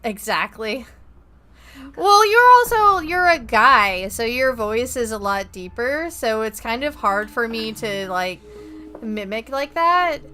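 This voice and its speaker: Young woman game streamer, bright and tense tone, talkative and profane. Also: a little high, expressive, slow pace. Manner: chatty, profane, rambling. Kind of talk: casual gaming-stream chat.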